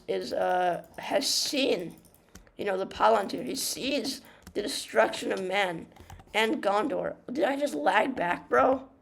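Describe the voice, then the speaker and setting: A woman's voice: medium pitch, vocal fry. A young woman giving casual gaming commentary, rambling and ranting through a story retelling with many fillers, restarts and swearing. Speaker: gamer.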